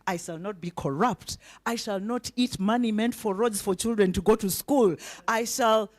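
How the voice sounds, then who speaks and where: A woman's voice: mid-range voice, normal speed. A woman giving an inspirational speech at a breakfast event, emphatic and repetitive, asking the audience rhetorical questions and getting them to repeat after her. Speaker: keynote speaker. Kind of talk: inspirational speech with call-and-response.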